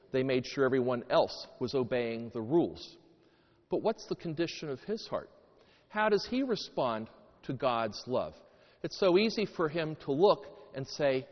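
A man's voice: mid-range voice, big-room sound, lo-fi sound. A man preaching a sermon as a priest, telling stories with dramatic emphasis and folksy jokes and asides to the congregation. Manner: animated storytelling with dramatic emphasis. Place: church.

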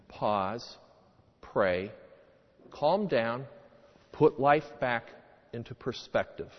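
Guy preaching in a church, kinda high voice, lots of questions, long echo. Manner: lively, rhetorical questions, emphatic. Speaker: priest. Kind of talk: sermon. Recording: dull sound, long church reverb.

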